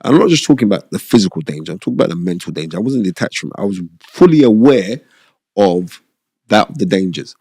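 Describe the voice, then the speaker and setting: A man's voice: lowish voice, big pitch swings, fast talker, a little mellow, slightly rough, no echo, studio quality. A middle-aged man, a former boxer, telling stories in a casual interview and checking in with frequent "you know what I mean?" asides. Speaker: former boxer, podcast guest.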